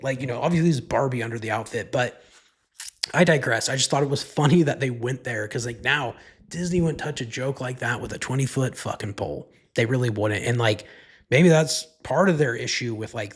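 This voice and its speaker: A man hosts his own podcast in a loose, rambling monologue. His voice is a little husky and sits at an ordinary pitch. He swears freely and fills his sentences with "like.". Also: brisk. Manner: rambling, profane, heavy use of "like". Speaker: podcast host. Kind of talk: casual solo podcast monologue.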